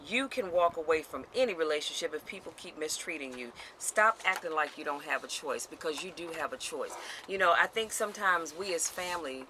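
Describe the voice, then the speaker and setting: A woman giving a motivational talk straight to her viewers. She is emphatic and sassy, repeats her key lines, and speaks with a churchy warmth. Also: low voice, expressive, fairly quick, slight background noise, poor audio. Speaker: motivational vlogger. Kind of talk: direct-to-camera motivational talk.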